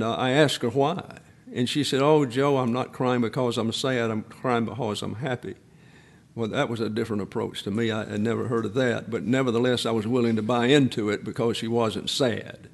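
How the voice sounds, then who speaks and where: A man in his eighties preaching a sermon, a pastor who drifts into folksy personal stories with frequent restarts. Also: mid-range voice. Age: 80s.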